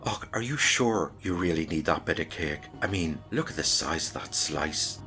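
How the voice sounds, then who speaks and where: A man's voice: rumbling low, lively intonation, moderate pace, bright, forceful tone, soft background music, full character voice. A man voicing a pushy, cheerful old woman hostess with an Irish accent, who coaxes and repeats herself. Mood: teasing. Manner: insistent, coaxing, repeats herself.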